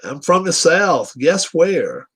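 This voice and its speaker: A male host riffing through viewer comments on a casual live show. His voice sits a touch higher than most men's and swoops up and down with animated energy. He teases and laughs as he goes. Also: takes it slowly, slightly rough.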